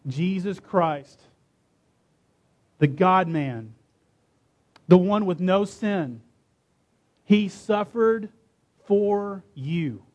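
A man with a high voice delivers a sermon, reading scripture aloud with dramatic emphasis. He leans hard on key words and slows down to stress them. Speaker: preacher.

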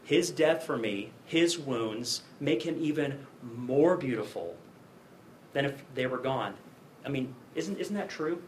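A man's voice: mid-range voice, animated, slow pace, a little hiss or hum. A man preaching a sermon in a conversational way, often checking in with his listeners with rhetorical questions. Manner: conversational, frequent rhetorical "right?" tags.

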